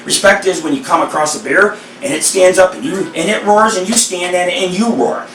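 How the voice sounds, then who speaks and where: A man rambling through casual storytelling, excitable and profane. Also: high-pitched, fairly quick, hardly any pauses, slight background noise. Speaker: vlogger. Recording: echoey sound from a distant mic with faint ambience.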